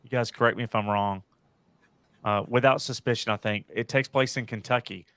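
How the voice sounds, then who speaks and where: A man's voice: lowish voice, steady tone, fast, fairly bright tone, smooth, no echo. An American man hosting a casual panel podcast, rambling and correcting himself as he gives strong opinions. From United States. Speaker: podcast host.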